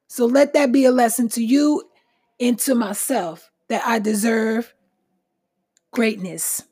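A woman's voice: fairly high pitch, slightly rough. A woman hosting her own podcast, talking bluntly and with a lot of swearing in a casual self-help monologue, noticeably short of breath. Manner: blunt, profane, emphatic. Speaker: podcast host.

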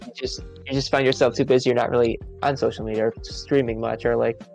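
A man's voice: medium pitch, level tone, fast, creaky, a little mellow, soft background music. A man co-hosting a live podcast stream, talking casually in long rambling sentences that repeat words. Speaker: podcast co-host.

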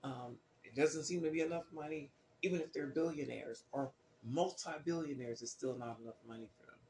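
Gravelly-voiced man questioning scripture. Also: fairly high pitch, a little fast, darkish tone, reverberant, slight background noise. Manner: skeptical, questioning, loose with fillers and restarts. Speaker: Bible reading commentator. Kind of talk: casual spoken commentary on scripture.

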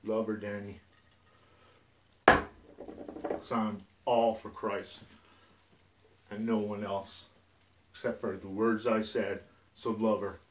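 Brief: agitated man, heavy swearing, sudden shifts from mumbling to shouting, dull lo-fi sound. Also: on the low side, flat delivery, slow pace, long pauses, a little hiss or hum. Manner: profane and agitated, swinging from muttering to yelling. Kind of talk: rambling emotional rant to camera. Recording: distant, dull lo-fi recording.

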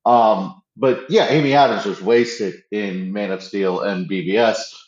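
A man's voice: lowish voice, steady tone, a little slow. A man chatting casually and eagerly about a TV show, stumbling and restarting often. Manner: enthusiastic, restarts often, acts out quotes. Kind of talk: casual pop-culture chat. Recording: roomy, slightly dull audio.

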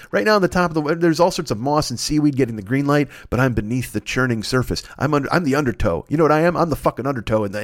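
A man's voice: mid-range voice, no echo, studio quality. A man hosting a podcast, in a rambling, profane comedic monologue that trips over itself and keeps swearing. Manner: rambling, self-interrupting, swears constantly. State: recovering from a cold. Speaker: podcast host.

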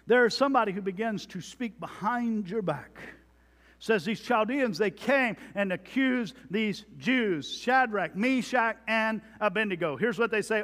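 A man's voice: high-pitched, expressive, measured pace, a bit bright. A man preaching a sermon, reading scripture aloud with dramatic emphasis. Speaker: pastor. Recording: long hall reverb.

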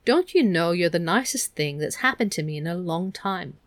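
Woman reading as gentle teen boy Calvin. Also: fairly low pitch, animated, normal speed, no room sound, close to an everyday voice. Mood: tender. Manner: gentle, reassuring.

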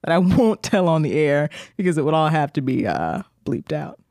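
A man co-hosting a podcast, telling a long anecdote in a casual, animated way with lots of "like" fillers. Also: a little high, moderate pace, no echo, clean studio sound. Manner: animated storyteller, heavy filler "like". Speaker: podcast co-host. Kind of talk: casual chat.

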